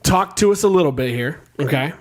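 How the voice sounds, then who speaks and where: A man's voice: on the high side, animated, brisk. A man hosting a podcast, joking crudely in casual banter and laughing often. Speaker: podcast host.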